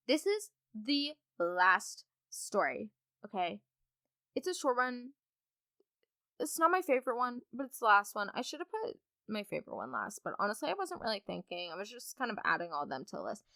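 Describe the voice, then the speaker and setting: A woman's voice: fairly high pitch, bright, forceful tone, no echo, clean studio sound. A young woman hosting a podcast, chatting casually through listener stories with lots of likes and ums. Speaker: podcast host. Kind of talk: casual storytime chat.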